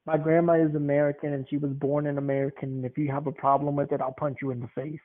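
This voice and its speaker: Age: 20s. Sex: man. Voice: a bit high, tinny phone-like sound. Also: level tone, fast talker. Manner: rambling, chuckling storyteller. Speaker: podcast host. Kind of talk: casual rambling monologue.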